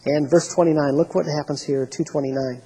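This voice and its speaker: A man's voice: a little high, fairly even intonation, brisk, warm tone, slightly rough, poor audio. A male pastor preaching a sermon, emphatic and repetitive, reading scripture aloud and restarting his phrases often.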